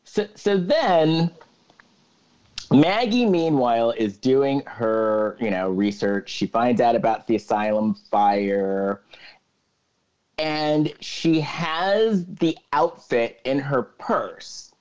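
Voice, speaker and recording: Male podcast co-host, animated storyteller, muffled lo-fi call audio. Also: medium pitch, slow pace. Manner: retells scenes with quoted lines. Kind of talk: casual movie recap chat. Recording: dull lo-fi sound.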